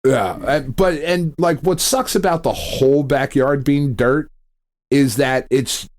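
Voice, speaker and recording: A man's voice: medium pitch, slow pace. A middle-aged man co-hosting a casual podcast, telling a story with lots of swearing, laughter and acted-out quotes. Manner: animated, swears a lot, laughs often, acts out quotes. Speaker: podcast co-host. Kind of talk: casual chat.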